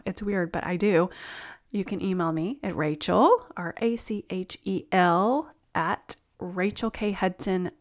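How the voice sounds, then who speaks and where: Woman doing a wellness vlog, upbeat and encouraging, mid pitch, laughs a bit as she goes. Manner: enthusiastic and reassuring, laughs between points. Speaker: wellness video host. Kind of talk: encouraging talk to camera.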